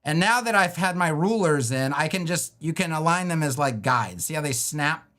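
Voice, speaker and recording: Brief: middle-aged male web design streamer, high voice, animated and sarcastic, casual and a bit profane. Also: moderate pace. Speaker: web design educator on a livestream. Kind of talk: casual livestream teaching with a screen demo.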